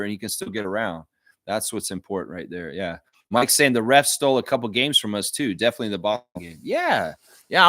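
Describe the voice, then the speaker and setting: Man, livestream host, casual sports chat, animated, reads comments aloud, dry close voice. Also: lowish voice, no room sound.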